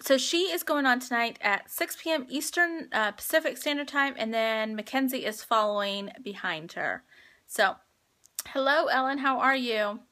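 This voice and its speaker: A woman in her thirties hosting a casual live stream from home on a handheld phone, chatty and quick to laugh, with lots of fillers. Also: sits high, lively intonation, sharp tone. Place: at home indoors.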